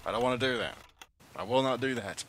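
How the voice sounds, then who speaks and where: A man's voice: mid-range voice, lively intonation, quick pace, background noise. A man giving casual gameplay commentary, rambling with joking asides and correcting himself as he goes. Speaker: let's play commentator.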